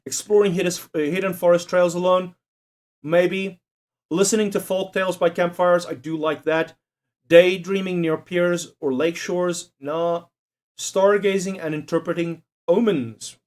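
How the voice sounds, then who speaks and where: A young man chatting casually on a livestream, swearing and joking as he reads out quiz options. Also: high-pitched. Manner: profane, jokey, reads quiz options aloud.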